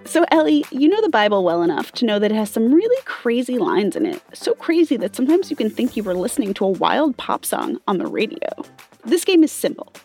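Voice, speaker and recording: Brisk, exasperated woman hosting a show. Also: on the high side, big pitch swings, darkish tone, faint music behind. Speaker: game show host. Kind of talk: scripted kids' podcast hosting.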